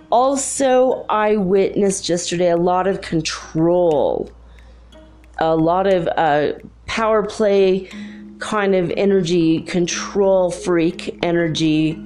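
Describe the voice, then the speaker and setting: A woman's voice: mid-range voice, warm tone. Woman vlogger, casual rambling monologue, easy mid-range voice, faint music under her. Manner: rambling storyteller, heavy "like" fillers. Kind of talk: casual spiritual vlog monologue.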